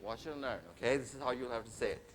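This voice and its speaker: A fast-talking keynote speaker with a mid-range voice works the crowd in a large conference hall, teasing and directing them through a stage mic. Reverb and faint noise color the recording.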